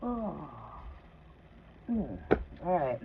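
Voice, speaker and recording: Extremely slow and sing-song, her low-leaning voice carries vocal fry as she runs a tarot live stream from her trailer home. She chats casually, wanders through profane stories, and keeps asking "right?". Faint noise sits under the tinny, phone-like audio.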